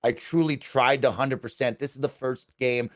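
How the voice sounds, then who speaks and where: A young man on a casual gaming chat, talking enthusiastically and quickly, often tagging his sentences with "right?". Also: mid-range voice, fairly even intonation, dry recording, studio quality. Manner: enthusiastic, fast, peppered with "right?". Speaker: guest.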